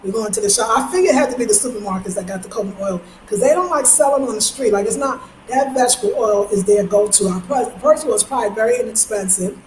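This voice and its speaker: A middle-aged woman from Brooklyn talks through a casual vlog, her voice sitting a little high. She tells her stories with energy and slips into the voices of the people she quotes. The room is echoey, with faint noise underneath. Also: quick pace, hardly any pauses. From Brooklyn, New York. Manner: chatty, animated storytelling with voiced quotes. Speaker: travel vlogger. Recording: roomy echo with faint background noise.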